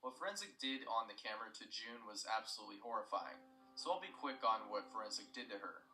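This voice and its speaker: A man's voice: fairly low pitch, animated, fairly quick, pushed and bright, roomy sound, distant mic, faint music behind, low-quality recording. A young man retelling a story in scripted narration, plain and matter-of-fact with asides.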